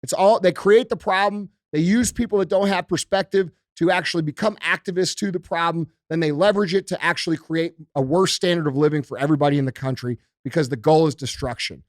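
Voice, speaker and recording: A man's voice: a little high, quick pace, hardly any pauses, no echo, studio quality. A man hosting a podcast, ranting emphatically and heatedly with heavy profanity. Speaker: podcast host. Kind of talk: casual podcast rant.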